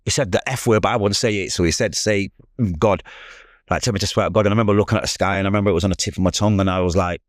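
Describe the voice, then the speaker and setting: A middle-aged man with a Mancunian accent, a podcast guest telling a painful story in fast street slang, acting out the voices of others. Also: sits low, fairly even intonation, no room sound, studio quality. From England. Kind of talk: emotional storytelling.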